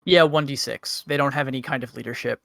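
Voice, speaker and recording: A man's voice: medium pitch, steady tone, fast talker, gravelly, a bit bright, no room sound, studio quality. A man running a tabletop game as game master, easygoing and laughing often.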